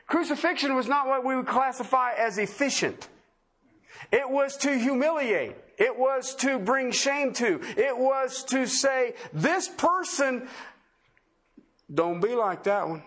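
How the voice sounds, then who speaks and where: High-voiced man preaching with passion. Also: lively intonation, measured pace, a bit bright. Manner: impassioned, emphatic preaching with repeated questions. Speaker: pastor. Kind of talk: sermon. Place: church service before a congregation.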